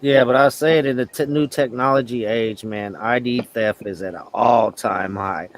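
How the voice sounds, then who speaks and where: A man's voice: medium pitch, moderate pace, a little hiss or hum. A man in a casual group chat, telling a story in a laid-back way and saying "bro".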